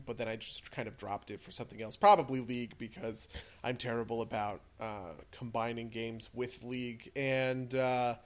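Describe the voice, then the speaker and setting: Casting: young male podcast co-host, rambling and opinionated, filler-heavy casual chat. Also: medium pitch. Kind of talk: casual chat about games.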